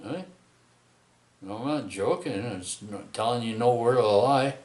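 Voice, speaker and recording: A middle-aged man, rambling through a personal story with many halting restarts and tag questions. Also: medium pitch, a little mellow, roomy sound. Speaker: vlogger telling a personal story.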